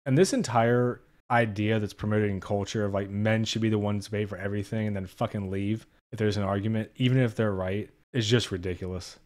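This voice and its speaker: A man's voice: on the low side, steady tone, brisk, hardly any pauses, a little mellow. A young man giving a casual spoken movie review, blunt and profane, openly exasperated.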